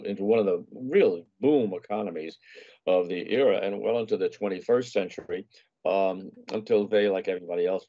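Older man, dark voice, meandering chat. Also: lowish voice. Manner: meandering, with many fillers and restarts. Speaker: guest, food and travel writer. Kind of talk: casual storytelling chat. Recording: muffled lo-fi audio.

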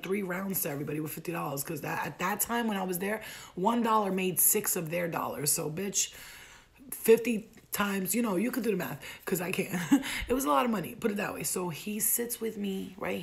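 A young American woman telling a funny travel story to camera, animated and profane, laughing often. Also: medium pitch, vocal fry. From United States. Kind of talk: storytime vlog.

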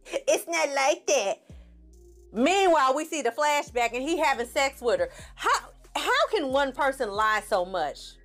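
A woman's voice: high-pitched, sing-song, normal speed, hardly any pauses, a bit bright, faint music behind. A woman giving a sassy, chatty recap of a TV series and acting out the characters' lines as she goes. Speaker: TV series reviewer. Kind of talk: casual recap commentary.

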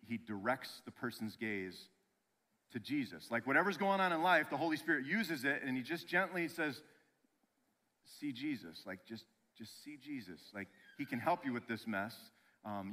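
Bright-voiced man preaching a lively sermon. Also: medium pitch. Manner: animated, conversational preaching with frequent "right?" asides and restarts. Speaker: pastor.

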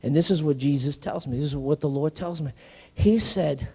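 A male senior pastor telling a personal story in a conversational sermon, animated, often saying "listen" and restarting phrases. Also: a little high, moderate pace, breathy edge. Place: church sanctuary. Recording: live sermon in a reverberant hall.

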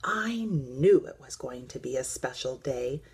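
A woman voicing a kind, fatherly old teddy bear who speaks softly in a storybook reading. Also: very deep voice, lively intonation, measured pace, slight background noise. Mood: contented.

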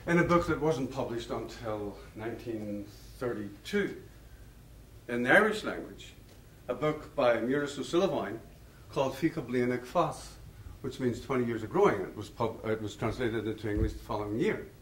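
A man's voice: medium pitch, expressive, moderate pace, a little hiss or hum. A man giving a public lecture, telling stories in a discursive, anecdotal way and chuckling at his own tales. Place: lecture hall. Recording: roomy hall, mic far off.

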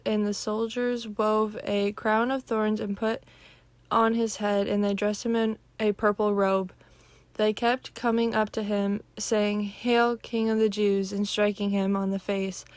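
Woman lector, scripture reading, dry sound, even delivery. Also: medium pitch, a little slow, no room sound. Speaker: scripture reader. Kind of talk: reading the Passion aloud in church.

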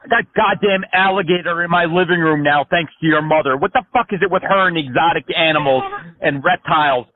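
A man with a high voice makes a prank call, rambling through absurd, profane rants. He sounds brash and pushy. The sound is thin and tinny, like a phone line. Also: brisk. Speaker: prank caller.

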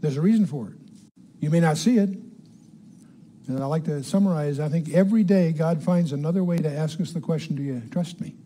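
In front of a live audience, an older man leads a Bible teaching, speaking briskly in a slightly high but mellow, relaxed voice. He emphasizes words by repeating them and keeps asking the room questions. There's slight background noise.

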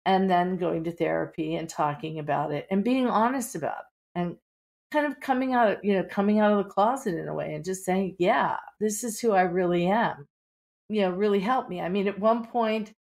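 A woman's voice: mid-range voice, moderate pace, gravelly, a little mellow. A middle-aged woman with a Pittsburgh accent, an author talking candidly in a podcast interview, full of "you know" fillers. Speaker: author guest.

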